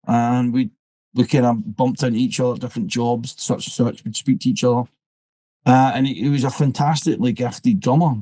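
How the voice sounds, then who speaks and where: A man's voice: mid-range voice, mellow, dry recording, poor audio. Rambling Scottish man telling a story. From Scotland. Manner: rambling, repeats words, "I says" storytelling. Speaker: interview guest, military pipe band drummer. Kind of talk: conversational storytelling.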